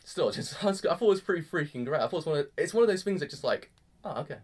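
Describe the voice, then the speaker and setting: Talking fast and gushing with excitement, a young man reviews an anime. His voice is slightly high for a man, and his laid-back, eager chatter keeps throwing in "freaking."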